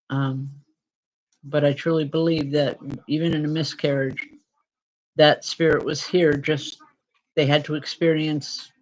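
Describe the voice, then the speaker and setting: A medium, female and low-pitched, delivers spirit readings live to her stream's viewers. Her tone is tender and reassuring, marked by pauses and fillers, and the audio quality is poor.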